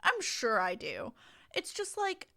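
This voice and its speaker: A woman's voice: fairly high pitch, huge pitch swings, slow, vocal fry, sharp tone. A young adult woman streaming a game, chatting candidly with her viewers, swearing freely and laughing often. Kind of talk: casual chat with stream viewers while gaming.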